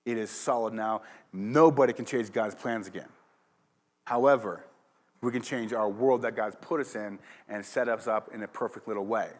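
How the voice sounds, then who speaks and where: With a fairly low voice at normal speed, a male pastor delivers a sermon in church. He chats casually through a rambling personal anecdote, laughing as he tells it.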